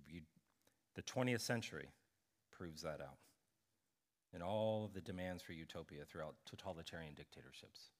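A man's voice: low-pitched, normal speed, pauses often. A man preaching a sermon as a pastor, talking conversationally and acting out the people in the story. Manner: conversational, animated, acts out scripture characters.

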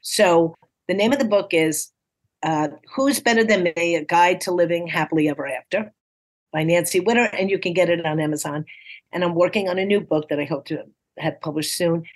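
A woman in her sixties from New York City, a comedian telling stories as a podcast guest in a lively, encouraging, punchline-driven way, often acting out quoted dialogue in playful voices. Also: on the low side, fairly quick. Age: 60s. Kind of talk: casual interview storytelling.

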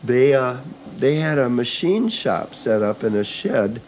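A man's voice: mid-range voice, big pitch swings, measured pace, darkish tone, slight background noise. An older man, a store owner and organic farmer, casually telling stories of his building in a rambling way, seated in the back room of a country store. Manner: rambling, full of restarts and asides. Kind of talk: casual conversational storytelling.

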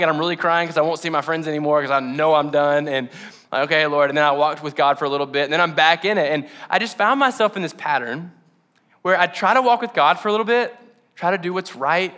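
A man's voice: a little high, bright, forceful tone. A young male pastor giving a candid, conversational sermon that builds to impassioned emphasis. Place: church auditorium.

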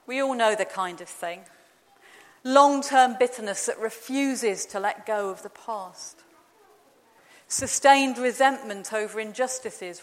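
Reflective woman preaching in a hall. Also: medium pitch. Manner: measured, gentle and reflective. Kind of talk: sermon. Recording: long reverb of a large hall.

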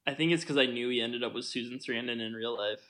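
A man's voice: medium pitch, fast talker, a bit bright. A young man co-hosting a podcast, chatting casually about a film, rambling with lots of fillers and frequent laughter. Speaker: podcast co-host.

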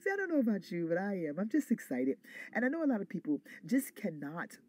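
A woman preaching with a husky, mellow voice. She drives her sermon through fervent, repeated call-and-response lines. The sound is close and dry. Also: medium pitch, big pitch swings, fast talker, dry recording.

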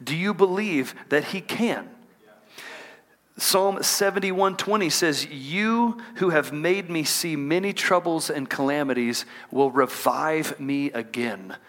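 A man preaching to a congregation in a church, his voice sitting a touch high for a man. He stretches out scripture readings slowly and calls for the room to answer and repeat after him. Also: fairly bright tone. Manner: call-and-response preaching, asks the congregation to repeat lines; drawn-out emphatic scripture reading. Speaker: pastor. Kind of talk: sermon. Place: church auditorium.

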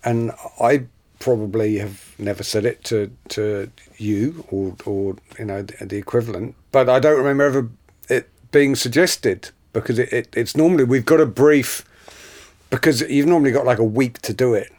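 A man's voice: medium pitch, normal speed, darkish tone. A man from the advertising world talking casually, often repeating words as he starts a thought. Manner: stammering, repeats words when starting sentences. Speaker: advertising professional. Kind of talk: casual conversation.

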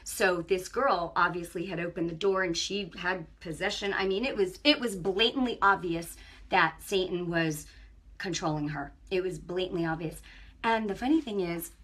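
A woman giving an impassioned spiritual testimony on her own broadcast, telling stories in an animated way that swings between hushed and loud. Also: on the low side, normal speed. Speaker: online ministry broadcaster.

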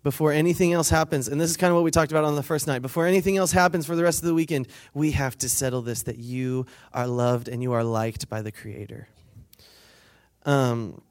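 A fairly high-pitched man with fairly even intonation talks fairly quickly while giving a conversational sermon at a weekend retreat. Scripture is read first, then retold in his own easygoing words as he acts out the characters, laughs with listeners, and asks them to repeat lines.

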